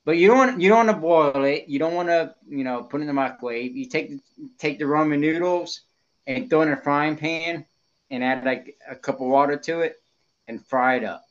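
A man's voice: on the high side, a little fast, highs cut off. A man in casual podcast chat, enthusiastic, with many fillers and repeated catchphrases.

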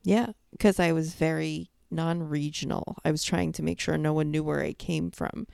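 A woman's voice: sits low, moderate pace, gravelly, no echo, clean studio sound. A young woman from New York, co-hosting a podcast, telling stories bluntly and with energy in casual chat. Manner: blunt, animated storyteller. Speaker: podcast co-host.

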